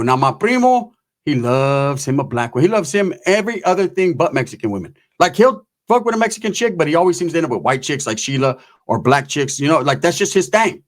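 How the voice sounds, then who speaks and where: A man's voice: fairly high pitch, big pitch swings, fairly quick. A middle-aged man telling profane, slangy comic stories in a casual way. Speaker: comedic storyteller. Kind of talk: casual comedic storytelling.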